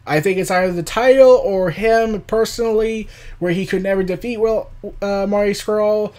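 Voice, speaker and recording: A man's voice: high-pitched, moderate pace, darkish tone. A man hosting an unscripted commentary show, talking in a rambling, sarcastic way with frequent laughs and the odd swear word. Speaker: podcast host. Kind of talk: casual commentary.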